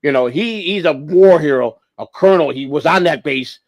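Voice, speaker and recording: A man's voice: a little high, moderate pace, no echo. A man hosting a livestream, telling a long story in a profane, rambling way with lots of restarts. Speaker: livestream host.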